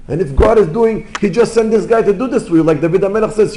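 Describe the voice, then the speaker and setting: A rabbi giving an informal Torah lesson in English, mixing in terms and telling stories, jumping between loud exclamations and quiet asides. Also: male voice, high voice, expressive, fast, few pauses, slight background noise. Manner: non-native English with Hebrew terms. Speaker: rabbi teaching.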